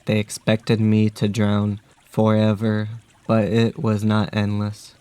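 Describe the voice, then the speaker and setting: A man narrating a dark first-person story in a flat, even way. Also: on the low side, slow pace, smooth, no room sound.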